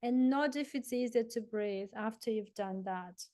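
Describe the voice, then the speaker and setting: Woman sleep coach, gentle and instructive, slightly high pitch, stumbles and restarts. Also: normal speed, no echo. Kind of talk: guided relaxation talk.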